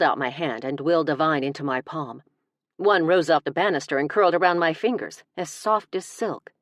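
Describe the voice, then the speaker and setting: Low-voiced woman narrating wryly. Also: normal speed, no echo. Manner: wry, comic. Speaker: audiobook narrator. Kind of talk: first-person audiobook narration.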